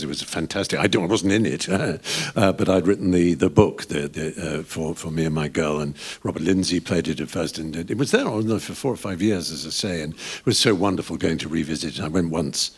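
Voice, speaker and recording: An older Englishman in his sixties, guesting on a live podcast recorded in a pub before an audience, speaks in a low, husky voice. He tells rambling anecdotes, often restarting and chuckling.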